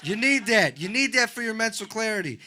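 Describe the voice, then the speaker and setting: A young man doing a stand-up comedy set in a club, animated and acting out other people in loud voices. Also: high-pitched, brisk, a faint crowd. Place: comedy club with a live audience.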